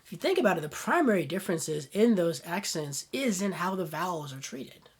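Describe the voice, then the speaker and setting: A man teaching Latin in a relaxed, talky way, thinking aloud with plenty of ums and uhs. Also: sits high, fairly quick, breathy edge. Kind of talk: casual spoken lesson.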